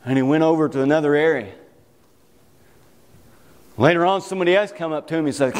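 A man with a Kentucky accent delivers a sermon, hammering points home by repeating phrases. His voice sits high and leaps around in pitch. The sound carries a long hall reverb. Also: animated, a little fast, pauses often. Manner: emphatic, repeats phrases for weight. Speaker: preacher.

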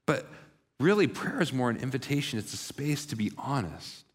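A man's voice: medium pitch, normal speed, slightly rough. Preaching man in a reverberant hall. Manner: animated storyteller acting out quoted voices. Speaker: pastor. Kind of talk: sermon storytelling. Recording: long reverb of a large hall.

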